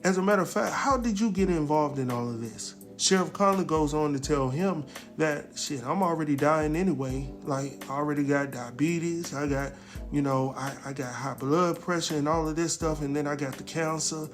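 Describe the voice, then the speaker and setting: A man recaps a drama episode in a loose, slangy way, jumping into the characters' lines as he goes. His voice sits a bit high for a man. Faint music plays underneath. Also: moderate pace. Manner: animated storyteller, acts out quotes, slangy. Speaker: TV recap host. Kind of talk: casual recap commentary.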